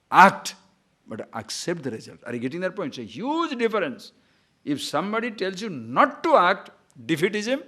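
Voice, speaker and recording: A man lecturing on scripture as a spiritual teacher, chanting Sanskrit verses and acting out examples, swinging between loud and hushed. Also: medium pitch.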